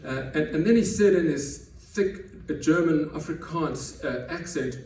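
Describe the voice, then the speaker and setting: A man's voice: on the high side, unhurried, darkish tone, a little hiss or hum. A man telling a personal story on stage before a live audience, conversational and self-deprecating, often restarting his words. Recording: echoey room, heard from a distance, faint ambience.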